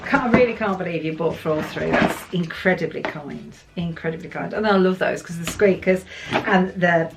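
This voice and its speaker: An English woman from the UK, a vlogger chatting excitedly while unboxing gifts, gushing and laughing often and cooing playfully at her dogs. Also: lowish voice, moderate pace, very noisy. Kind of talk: casual unboxing chat.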